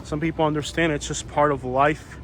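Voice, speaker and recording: A man's voice: on the high side, steady tone, brisk. Rambling man vlogging outdoors, filler-heavy. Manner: chatty, rambling with many fillers. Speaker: YouTuber. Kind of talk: walking vlog commentary. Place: outdoors on a storm-damaged street. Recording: faint outdoor street noise.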